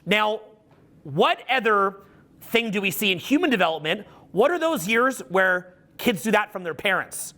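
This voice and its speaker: A man's voice: high voice, big pitch swings, moderate pace, pushed and bright. A middle-aged man giving a live seminar talk as a social skills coach, telling profane stories full of acted-out quotes.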